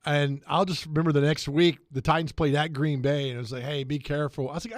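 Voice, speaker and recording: Sports radio guy telling stories, kinda high voice, dry sound. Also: fast talker, hardly any pauses, no echo. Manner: animated anecdotes with laughs. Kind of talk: casual sports talk storytelling.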